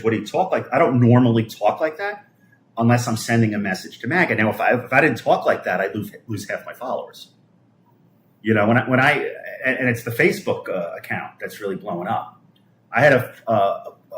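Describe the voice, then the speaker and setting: A middle-aged Brooklyn man, from New York, delivers a profane political rant on a live stream, full of scorn and heavy swearing. His voice is medium-pitched and a bit bright, with a roomy sound. He stumbles and restarts often.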